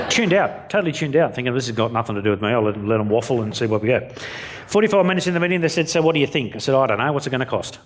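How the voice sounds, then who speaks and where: A man's voice: medium pitch, animated, fast, background noise. Blunt Australian man telling stories. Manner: blunt, self-mocking, acts out quotes. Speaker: keynote speaker. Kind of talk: storytelling keynote speech. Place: conference venue before an audience.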